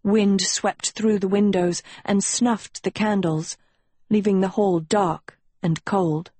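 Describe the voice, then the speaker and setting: A woman reads a novel aloud in a slow, deliberate storytelling voice. Her pitch sits in the middle, and she gives each line room. The recording is close and dry. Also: fairly even intonation, dark tone, husky, dry recording. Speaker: audiobook narrator. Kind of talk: scripted audiobook narration.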